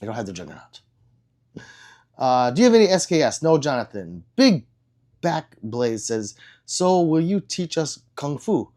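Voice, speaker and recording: A man hosting a casual livestream and answering viewer comments in a blunt, profane and excitable way, with sudden loud outbursts. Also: a little high, normal speed. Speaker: livestream host.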